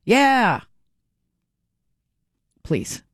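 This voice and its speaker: A woman's voice: on the high side, very animated, drawn-out words, no echo, studio quality. A woman hosting talk radio, reading out listener texts and answering them bluntly and with strong opinions. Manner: blunt, opinionated, talks back to texters. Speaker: radio talk show host.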